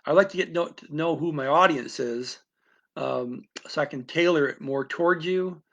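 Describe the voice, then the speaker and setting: A man's voice: on the high side, normal speed, gravelly, a bit bright, lo-fi sound. A man teaching languages, talking off the cuff in a rambling way with many restarts and fillers. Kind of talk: casual unscripted explanation to camera.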